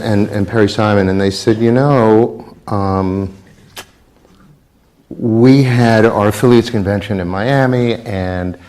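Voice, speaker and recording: A man on a festival panel, recalling how a show began, with many pauses and restarts. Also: lowish voice, darkish tone. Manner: halting, many fillers and restarts. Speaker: producer on a panel. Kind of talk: anecdotal panel talk. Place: theater stage before a live audience.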